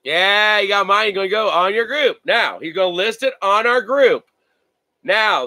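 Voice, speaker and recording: High, bright-voiced man rambling on a livestream. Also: no echo, rough recording. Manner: rambling, with many fillers and restarts. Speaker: card-breaking livestream host. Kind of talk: casual livestream chat. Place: home.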